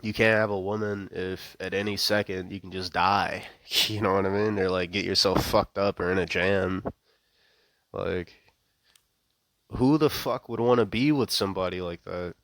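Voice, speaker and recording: A man's voice: sits low, fairly even intonation, normal speed, fairly bright tone, dry recording. A young man in an unscripted rant, profane and rambling, with wry laughs and many fillers, speaking close to a microphone. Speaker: vlogger.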